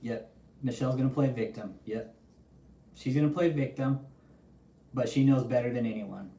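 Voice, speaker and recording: A man's voice: mid-range voice, normal speed, roomy sound, recorded from a distance. Profane man ranting on a livestream. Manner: profane, animated, chatty. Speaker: livestream host. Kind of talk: casual livestream commentary.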